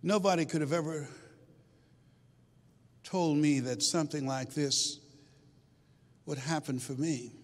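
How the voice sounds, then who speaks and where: An elderly, plain-spoken mother , as her son quotes her, high voice with a long hall echo. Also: unhurried, long pauses, natural voice. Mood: tender.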